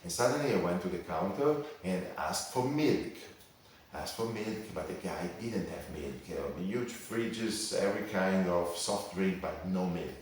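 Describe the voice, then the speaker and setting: A man's voice: deep voice, measured pace, slight background noise. A man with an Italian accent narrating a travel story in English, hesitant and full of fillers and restarts. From Sardinia, Italy. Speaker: cycling vlogger. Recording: echoey, distant mic.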